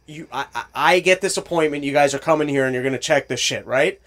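Man, high voice, exasperated profane storyteller in casual talk, plays both parties of a call. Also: fast, fairly bright tone. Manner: profane, exasperated ranting, acts out both sides of calls. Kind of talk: casual chat.

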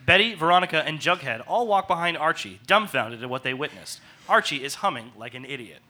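A man's voice: a little high, lively intonation, brisk, sharp tone. A man reading out stage directions in a comedic table read, wry and mock-serious. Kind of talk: comedic script narration.

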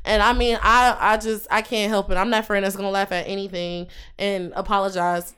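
A woman's voice: mid-range voice, a little fast, clean tone. A young woman chatting casually on a podcast, telling stories with lots of laughter. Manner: laughs a lot, animated storytelling. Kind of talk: casual chat.

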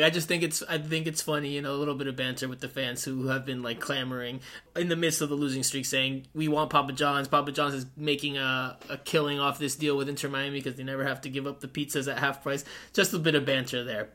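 Male podcast co-host, bright and slightly high voice, upbeat and jokey, casual sports talk. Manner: upbeat, jokey, laughs often.

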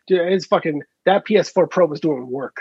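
A man's voice: fairly high pitch, brisk, a little mellow, husky, no room sound, lo-fi sound. A man co-hosting a casual video game podcast, rambling with many fillers and restarts and casual swearing. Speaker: podcast co-host. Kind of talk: casual chat.

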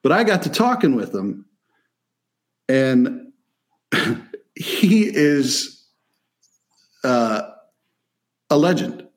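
A man from Michigan telling a story in a casual chat, animated and profane, acting out the people he quotes. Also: medium pitch, extremely slow, pauses often. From Michigan, near Detroit.

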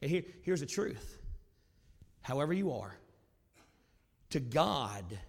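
A male pastor preaching a sermon, with a loud, carrying voice that swings from booming to hushed. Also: sing-song, slow, creaky. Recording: long hall reverb.

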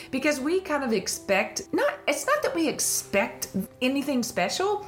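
A woman's voice: sits high, very animated, a little slow. A woman with a Southern country accent hosting a casual faith-based podcast, laughing often and telling stories with animation. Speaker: podcast host.

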